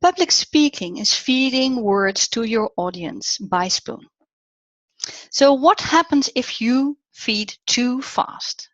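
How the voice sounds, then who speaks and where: A woman's voice: a little high, takes it slowly, no echo. Dutch-accented woman coaching, dull dry sound. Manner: animated, drops to near whispers for emphasis. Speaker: public speaking coach. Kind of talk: online talk. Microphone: video call. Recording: dull, dry online audio.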